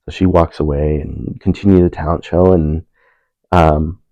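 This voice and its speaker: Deep-voiced young man telling stories. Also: steady tone, moderate pace, warm tone, no room sound, lo-fi sound. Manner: laid-back, self-mocking, laughs often. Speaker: panel speaker. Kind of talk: personal storytelling.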